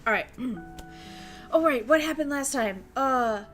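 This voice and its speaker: A woman's voice: sits high, a little slow, soft background music. Giggly, foul-mouthed woman streamer. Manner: crude, excitable, laughs and swears often. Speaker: VTuber streamer. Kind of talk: casual game stream, reading a visual novel aloud.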